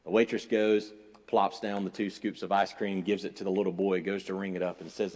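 A man's voice: low-pitched, level tone, a little fast. Preaching pastor man in a reverberant hall. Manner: swings between loud urgent preaching and quiet conversational storytelling. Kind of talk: sermon.

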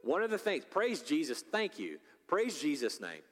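A pastor in his forties preaching a sermon, swinging between loud urgency and hushed, intimate appeals. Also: on the high side, huge pitch swings, moderate pace. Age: 40s. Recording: long reverb of a large hall.

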